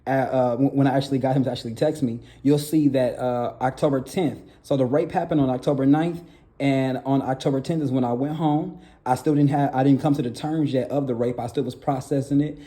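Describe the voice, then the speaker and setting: Halting, pleading young man with a mellow voice. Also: medium pitch, steady tone. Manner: halting, repeats phrases, pleading and insistent. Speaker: documentary narrator telling his own story. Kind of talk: emotional personal testimony.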